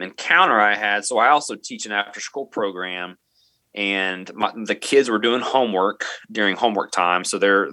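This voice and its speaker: A man's voice: lowish voice, pushed and bright, dry recording. A man, a middle school teacher, earnestly telling a personal story in an interview and quoting what he and others said.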